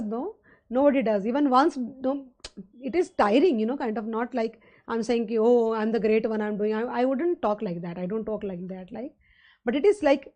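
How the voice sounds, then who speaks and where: In a voice on the high side with a darkish tone, an Indian English-accented woman delivers a live online finance class. Her teaching is conversational and meandering, peppered with fillers and questions to the students.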